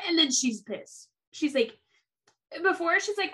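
A woman's voice: extremely high pitch, a little slow. A woman co-hosting a podcast, talking casually about a book and getting heated, with some swearing. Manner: animated, ranting, swears when heated. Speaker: podcast co-host.

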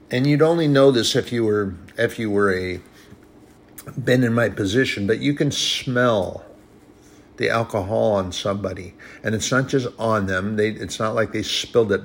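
A man's voice: lowish voice, slight background noise. A man preaching a sermon in an earnest, conversational way, often restarting his sentences.

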